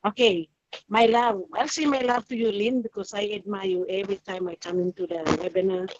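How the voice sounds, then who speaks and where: A woman's voice: mid-range voice, fairly even intonation, a little fast, no room sound. A woman joining a webinar by video call, speaking graciously and hesitantly. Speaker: webinar participant. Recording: dull, muffled video call audio.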